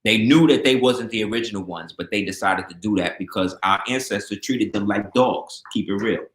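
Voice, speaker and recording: A man's voice: lowish voice, brisk. A man speaking as a guest in casual storytelling talk, acting out the voices of people in his stories. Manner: animated storyteller, acts out quoted voices. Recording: roomy echo.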